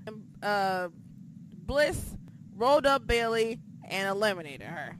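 A woman hosting a podcast, recapping in casual chat, excitable and profane, swinging between shouting and muttering. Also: medium pitch, takes it slowly, slight background noise. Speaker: podcast host.

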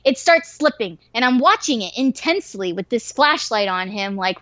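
Profane, animated woman telling a story. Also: fairly high pitch, moderate pace, few pauses, no echo. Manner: swears freely, animated and excitable. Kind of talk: casual story told to a listener. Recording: dry, slightly dull lo-fi recording.

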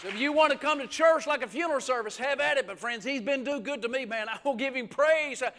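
A middle-aged man preaching a live revival sermon in a church, swinging from hushed asides to shouting, with folksy humor. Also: very high voice, fast talker, some chatter behind. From Alabama. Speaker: guest pastor. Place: church sanctuary.

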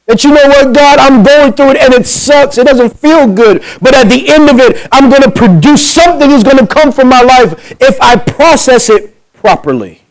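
Calling for amens and acting out conversations, a pastor from New Jersey preaches at a moderate pace with few pauses in an extremely high voice. His delivery moves from loud, punchy outbursts to hushed, intimate pleading, captured on a low-quality recording.

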